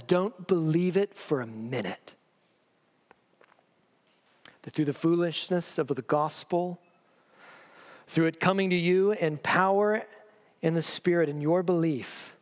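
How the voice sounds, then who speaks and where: A man preaching a sermon, reading scripture aloud with pointed sarcastic emphasis and pressing the listeners with rhetorical questions. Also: high-pitched. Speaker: pastor.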